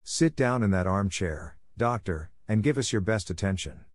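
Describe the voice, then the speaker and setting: A man voicing a sharp, dry, self-assured detective in a brisk, confident way in an audiobook. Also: fairly low pitch, lively intonation, dry recording.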